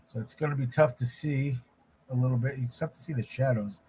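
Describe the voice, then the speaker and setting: A man's voice: medium pitch, fairly quick, darkish tone, a little hiss or hum. A man hosting a casual livestream while drawing, talking in a loose, rambling way with frequent restarts. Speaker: livestream host, artist.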